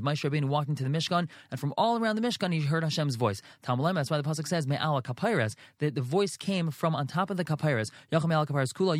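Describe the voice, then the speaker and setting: Quick, dry-voiced man teaching Chumash Rashi. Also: a little high, no room sound. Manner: reads Hebrew phrases and translates each into English. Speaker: Torah teacher. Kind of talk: line-by-line Chumash and Rashi lesson.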